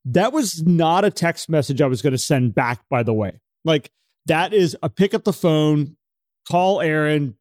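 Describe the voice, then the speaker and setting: An animated male podcast co-host acts out reactions to phone stuff during casual podcast chat. His voice is on the high side and his pace measured, with dry, clean studio sound.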